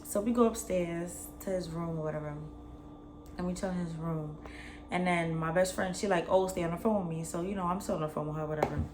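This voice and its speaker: A young adult woman, telling a personal story in a slangy, animated way. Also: lowish voice, brisk, slight background noise. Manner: animated, slangy retelling, acts out both sides. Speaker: vlogger. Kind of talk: casual storytime.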